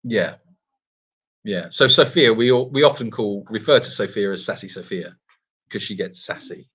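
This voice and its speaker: A man's voice: lowish voice, normal speed, pushed and bright, slightly rough. A man hosting a casual live Q&A from an animal sanctuary, reading viewer comments in a playful, self-deprecating way with frequent restarts.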